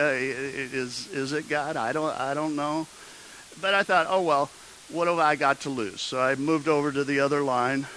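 Bright-voiced pastor telling a sermon story. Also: male voice, a little high, slight background noise, rough recording. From Midwestern United States. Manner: conversational with frequent restarts, rising to emphatic exhortation.

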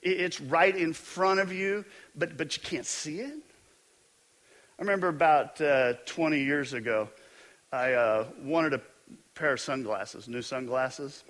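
Middle-aged man, pastor, slightly high voice, lively storytelling sermon with self-deprecating jokes. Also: a little slow. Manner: storytelling, animated, self-mocking humor.

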